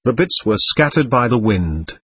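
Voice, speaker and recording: A man narrating a novel as an audiobook reader, in an expressive, measured way. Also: medium pitch, husky, dry recording. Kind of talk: scripted narration.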